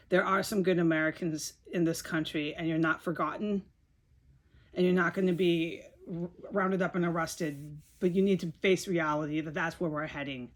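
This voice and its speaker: A woman giving a rambling, frustrated video monologue, repeating herself and swearing often. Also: on the low side. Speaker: video blogger.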